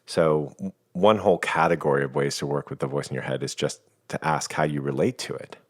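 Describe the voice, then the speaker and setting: A man talking as a podcast guest, explaining ideas in a calm, reflective and playful way. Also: rumbling low, fairly quick. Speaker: guest, coach. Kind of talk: reflective conversation.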